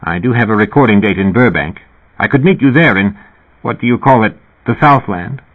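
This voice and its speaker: A man's voice: lowish voice, fairly quick, close to an everyday voice. A man voicing a genial, amused male musician with a slight British accent and a twinkling, lilting manner. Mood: chatty. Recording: tinny phone-like audio.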